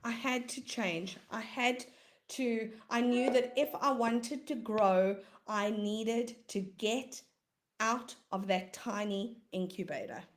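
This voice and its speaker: Woman, South African accent, slow delivery, emphatic, repeats key phrases, motivational coach talk. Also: a little high. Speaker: business coach and comedian.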